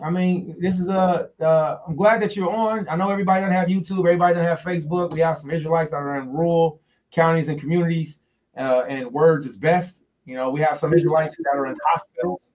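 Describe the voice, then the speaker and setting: A man giving a casual religious teaching on a livestream, talking loosely and repeating words slowly, into a phone in front of him. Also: a little high, far from the mic, poor audio. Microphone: phone directly in front of him.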